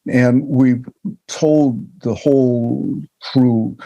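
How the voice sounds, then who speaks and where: Gravelly older man telling wry stories. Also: mid-range voice, measured pace, no room sound. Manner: relaxed, wry anecdotal storytelling. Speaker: film director, guest. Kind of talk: storytelling in an interview.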